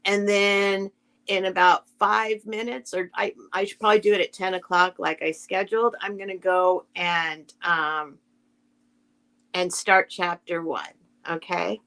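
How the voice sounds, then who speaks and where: A woman hosts a casual live stream, reading a children's book aloud and greeting viewers by name. She talks in a rambling, sentimental way, with a voice of ordinary middle pitch. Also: steady tone, measured pace, a bit bright, clear, resonant tone. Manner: sentimental, gets emotional over the text.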